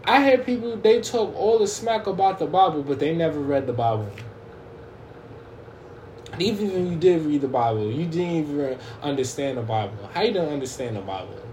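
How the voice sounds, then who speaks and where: A man's voice: fairly high pitch, expressive, moderate pace, darkish tone, reverberant, a little hiss or hum. A man preaching an informal online sermon, fervent and direct, often repeating and restarting his words.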